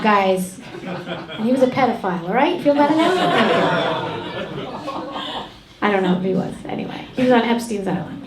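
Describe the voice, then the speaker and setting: A woman's voice: medium pitch, moderate pace, long pauses, over a noisy crowd. Brash middle-aged woman doing stand-up. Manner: deadpan, brash, crude punchlines. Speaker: stand-up comedian. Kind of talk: stand-up comedy set. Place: comedy club stage. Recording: echoey room, loud audience noise.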